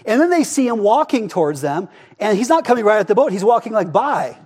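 A man preaching a sermon in a casual, conversational way, often asking "right?" and dropping to a hush for emphasis. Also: high-pitched, a little fast, slightly rough. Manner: expressive, drops to a hush for emphasis. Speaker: pastor.

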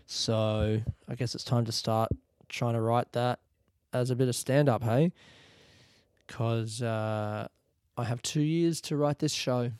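Podcast host in his thirties, mid-pitched, loose and swearing, dry close sound. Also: a little mellow, smooth, no room sound. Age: 30s. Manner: laid-back, rambling, swears casually. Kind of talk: casual podcast outro. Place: outdoors under a tree.

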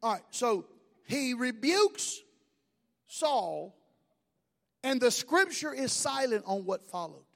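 A man's voice: very high-pitched, sing-song, takes it slowly, vocal fry, long pauses, sharp tone, long reverb tail. A man preaching a sermon, conversational, joking with the congregation in asides. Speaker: pastor.

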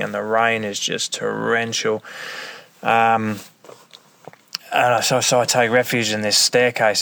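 A man telling a personal story casually and bluntly, swearing freely as he rambles along. His voice is mid-pitched with a steady gravelly fry running through it.

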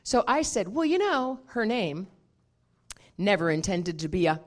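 A woman minister preaching a sermon, telling a personal story in an animated way and laughing often. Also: mid-range voice, unhurried, slight background noise.

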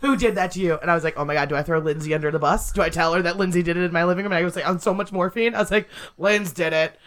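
A young woman guest on a podcast, telling stories in an animated way, laughing loudly and swearing freely. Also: fairly low pitch, racing. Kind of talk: casual chat. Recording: heavy background noise.

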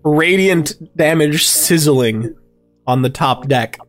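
A man narrates a tabletop role-playing game as its game master. He talks in a loose, relaxed way full of fillers and small chuckles. Faint music plays underneath. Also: fairly high pitch, takes it slowly.

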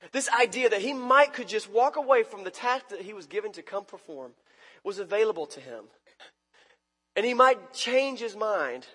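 A man pastor giving a conversational sermon, acting out quoted lines with sudden shifts between loud and soft. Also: sits high, slightly rough. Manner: conversational preaching, acts out quoted lines with big swings in loudness. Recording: long reverb of a church hall.

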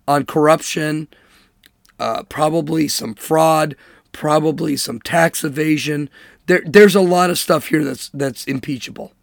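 Gravelly, sarcastic male commentator. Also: on the high side, no room sound, clean studio sound. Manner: emphatic, sarcastic, mocking air quotes. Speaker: political commentary host. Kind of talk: opinionated monologue.

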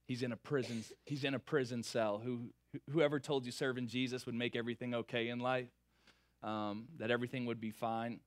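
A young man preaching, telling a funny story from his early marriage in a lively, playful way before turning earnest. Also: medium pitch, brisk. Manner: animated, playful storytelling with big swings in energy. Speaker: pastor. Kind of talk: sermon with a personal story.

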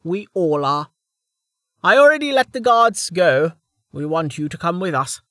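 A man's voice: fairly high pitch, sing-song, a little slow, a bit bright, dry recording, studio quality, voice pushed up. A narrator voicing a hesitant, loyal male servant pleading with his mistress.

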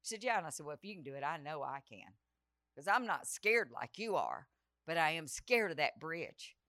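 A woman's voice: deep voice, very animated, moderate pace, a bit bright, dry recording, clean studio sound. A woman preaching a revival sermon, telling a personal story with dramatic flair and acting out the dialogue. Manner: dramatic, breaks into sung prayer, acts out quoted dialogue.

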